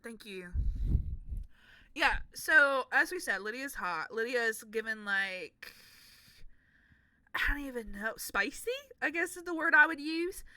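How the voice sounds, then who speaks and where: A woman's voice: fairly high pitch, animated, a little slow, long pauses, bright, forceful tone, no room sound. A young woman in her twenties in casual chat about game characters, chatty, profane and playful, with rambling, self-deprecating asides. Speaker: content creator.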